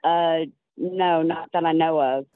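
A woman's voice: low voice, steady tone, takes it slowly, dry recording. A woman answering a prank call, hesitant and unsure of her answers. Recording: phone line.

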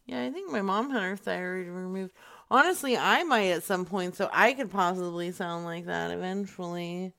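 A woman's voice: on the low side, normal speed, vocal fry. A woman co-hosting a comedy radio show, chatting loosely and laughing often. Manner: laughing, animated. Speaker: co-host. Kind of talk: casual chat.

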